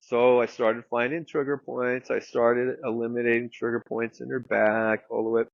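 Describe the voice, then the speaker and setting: A man's voice: mid-range voice, little pitch movement, moderate pace, gravelly, no room sound, muffled recording. A man guest telling a long story in casual, rambling talk, full of fillers and the odd swear word. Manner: rambling anecdote with many fillers and some swearing. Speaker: guest therapist.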